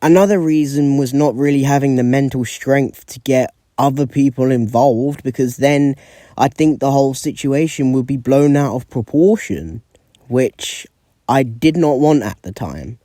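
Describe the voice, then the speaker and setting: A man offers sincere, measured commentary as a guest, in a mellow voice. The recording is dry and close, with no room sound. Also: medium pitch, no room sound. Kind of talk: video commentary.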